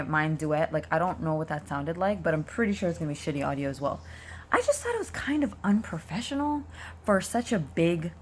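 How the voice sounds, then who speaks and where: A young woman streamer from Canada, talking casually to her viewers in a rambling way while losing her voice. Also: low voice. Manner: chatty, rambling, frequent ums and likes. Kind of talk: casual vlog talk to viewers.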